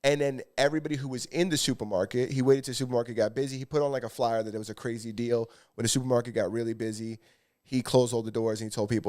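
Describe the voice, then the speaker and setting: Male podcast co-host, mid-pitched, casual rambling storyteller who swears. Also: fairly even intonation, very fast, darkish tone. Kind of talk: casual chat.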